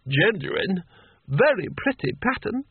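A man's voice: very animated, husky, no room sound, exaggerated voice. Man doing a tipsy, dreamy rich ruler. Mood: drowsy vague. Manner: slow, drawling, higher pitched. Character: tipsy, dim, wealthy male ruler, dreamy and vague. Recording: tinny narrow-band, dry.

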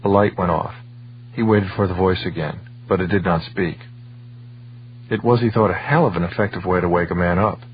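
Low-voiced man narrating an audiobook. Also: fairly even intonation, fairly quick, muffled recording, slight background noise.

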